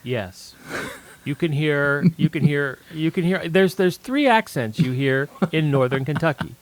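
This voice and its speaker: A man's voice: fairly high pitch, animated, measured pace. A man co-hosting a true-crime podcast, chatty and casual, often repeating himself as he starts a thought. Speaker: podcast co-host.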